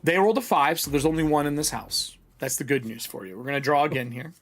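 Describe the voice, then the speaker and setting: A man's voice: fairly high pitch, quick pace, fairly bright tone, a little hiss or hum. A man narrating as game master of a tabletop role-playing game, casual and laughing often.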